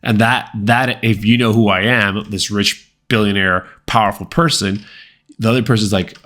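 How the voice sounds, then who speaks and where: Deep-voiced man casually reviewing a film. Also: fairly even intonation, moderate pace, fairly bright tone. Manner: conversational, many fillers and repeated words; acts out quoted lines. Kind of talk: casual movie review vlog.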